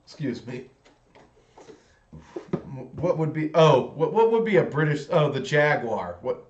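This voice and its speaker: A man hosts a hobby livestream in loose, casual chat. His voice sits a little high for a man. He rambles and restarts his sentences, and he speaks bluntly. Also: animated, measured pace, darkish tone, dull audio, a little hiss or hum. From United States. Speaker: hobby channel host.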